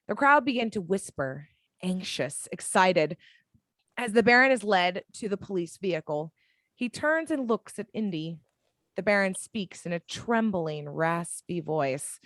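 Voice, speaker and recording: A woman reading a screenplay's action descriptions as narrator of a fan audio drama, in a dramatic, measured way. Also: mid-range voice, fairly bright tone, dry recording.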